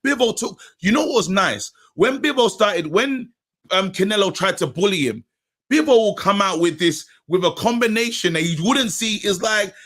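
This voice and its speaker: A man's voice: high voice, expressive, normal speed, a bit bright. A man co-hosting a podcast, chatting animatedly and acting out quotes between laughs. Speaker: podcast co-host. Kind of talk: casual boxing chat.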